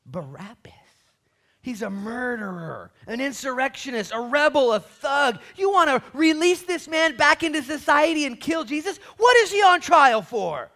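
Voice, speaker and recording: A man voicing an exasperated Roman governor who pleads with a mob, speaking loudly and incredulously in a raised voice. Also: big pitch swings, normal speed, breathy edge, full character voice. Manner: loud, incredulous, rising pitch.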